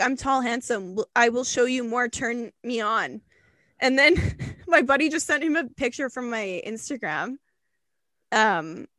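A young woman co-hosting a podcast, telling a story in a casual, animated way, laughing and swearing often. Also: fairly high pitch, no room sound. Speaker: podcast co-host.

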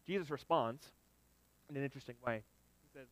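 A man preaching a sermon, building to loud emphatic lists and dropping to quiet asides. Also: medium pitch, rapid-fire, rough recording.

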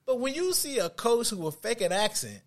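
A man co-hosting a sports podcast, talking animated and quick in casual chat. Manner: animated, quick, jumping pitch. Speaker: podcast co-host.

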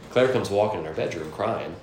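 A man's voice: expressive, brisk, a little mellow. A man co-hosting a casual podcast, telling a rambling family story with lots of filler words and a cold. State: congested from a cold. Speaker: podcast co-host. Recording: echoey room, faint rumble.

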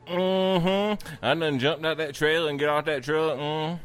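A man's voice: on the high side, fairly even intonation, a little slow, a bit bright, clean tone. A man voicing a sassy young heifer who talks in folksy country grammar and is proud of running off the farm.

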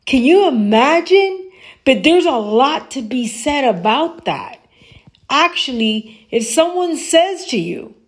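Chatty middle-aged woman with a gravelly voice. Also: a little high. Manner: chatty and preachy, addresses viewers directly. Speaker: vlogger. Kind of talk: casual advice talk to viewers.

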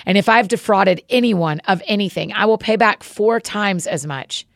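Woman doing zacchaeus, repentant rich guy, earnest and slow, bit of fry. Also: mid-range voice, dry recording, studio quality, natural voice. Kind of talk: scripture reading.

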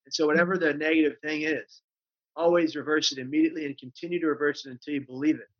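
An earnest man with a fairly high voice talks with emphatic conviction, often repeating his phrases for effect. The recording sounds dull and lo-fi. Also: steady tone, quick pace. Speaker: guest speaker on mental health. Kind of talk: passionate conversational storytelling. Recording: dull lo-fi audio.

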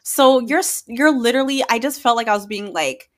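A woman hosting a podcast in casual chat, excitable and gushing, laughing often. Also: on the high side, a little fast. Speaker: podcast host.

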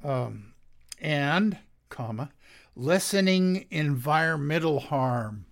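A man hosting a show, reading political commentary from his notes in a slow, sardonic way with many pauses, his throat drying out. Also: mid-range voice, vocal fry. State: dry throat. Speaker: podcast host.

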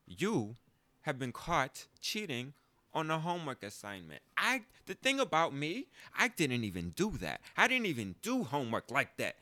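Animated man telling a story. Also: moderate pace, no room sound. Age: 20s. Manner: animated, profane, jumps into high mock voices when quoting. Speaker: podcast host. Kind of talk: casual storytelling monologue. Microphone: close podcast mic.

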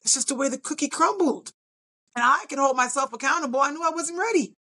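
Animated middle-aged woman telling a story. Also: high-pitched, quick pace. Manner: animated, acts out her own reactions. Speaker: podcast guest, bodybuilder. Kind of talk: casual storytelling interview.

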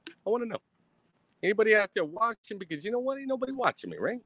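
Profane, defiant high-voiced male streamer. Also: very animated, fast, a bit bright, no room sound. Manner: profane, defiant, mocking sarcasm. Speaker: live streamer. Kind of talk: ranting live stream monologue.

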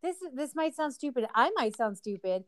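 A woman's voice: sits high, expressive, moderate pace, dry recording. A woman co-hosting a podcast in casual chat, talking with lots of likes and fillers. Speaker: podcast co-host.

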